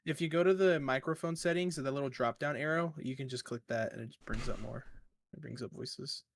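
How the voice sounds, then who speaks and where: A man's voice: medium pitch, fairly quick. A man playing in a tabletop game over voice chat, laid-back and offhand. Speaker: tabletop player.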